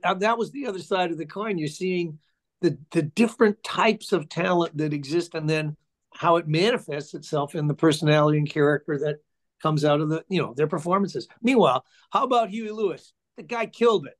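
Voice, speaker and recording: An older man with a somewhat high speaking voice tells stories in a relaxed interview. He is animated and keeps slipping into little voices for the people he quotes. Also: brisk. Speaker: interview guest, musician. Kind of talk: casual conversation, storytelling.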